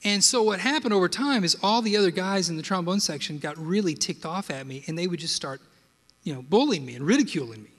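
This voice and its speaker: A man preaching a sermon and telling personal stories in an animated way, with frequent rhetorical asides to the congregation. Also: high-pitched, fast. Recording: long hall reverb.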